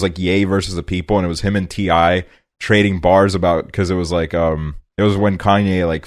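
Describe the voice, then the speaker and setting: Laid-back lower-voiced young-sounding man rambling. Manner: rambling, heavy use of "like", swears freely. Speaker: podcast host. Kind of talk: casual chat. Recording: quieter guest mic issue noted.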